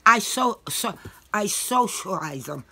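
A woman's voice: medium pitch, lively intonation, takes it slowly, bright, forceful tone, husky. A woman in her own home, chatting casually in a rambling, salty-tongued way while handing over her pets. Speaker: dog owner giving up her pets. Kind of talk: casual chat.

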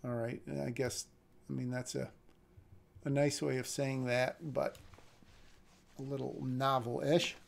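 A man's voice: mid-range voice, flat delivery, unhurried, vocal fry, long pauses. A man reading a screenplay aloud on a live stream and critiquing it, thinking aloud with hesitant restarts. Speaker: script reader and critic.

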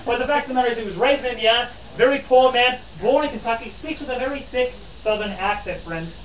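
Speaking fast in a very high voice, a living history interpreter portrays an 1860s newspaperman lecturing visitors at an outdoor historic park. His in-character talk is mocking and theatrical, scornful, and he calls listeners "friends." The camera audio is distant, roomy and dull, with slight background noise.

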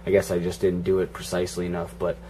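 A man's voice: low-pitched, completely flat delivery, quick pace, noisy background. A man giving casual, profane running commentary while playing a video game, grumbling and joking at it. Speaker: gaming channel host.

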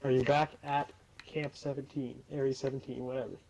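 A man's voice: medium pitch, flat delivery, fairly quick, creaky, a little mellow, rough recording. A man chatting while playing a video game, impatiently telling his friend what to do next. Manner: impatient, bossy instructions. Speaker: gamer. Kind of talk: casual gaming chat.

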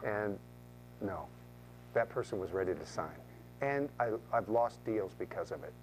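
A man teaching a room of real estate agents in a training talk, lively and acting out quoted voices, often repeating words as he goes. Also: on the low side, moderate pace, slight background noise, low-quality recording.

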